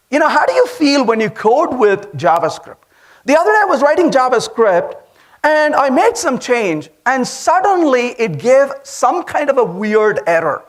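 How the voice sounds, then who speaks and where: Indian guy giving a tech talk at a conference, really high voice, jumps all over the place. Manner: animated storytelling, asks the audience questions. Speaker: conference speaker. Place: conference hall.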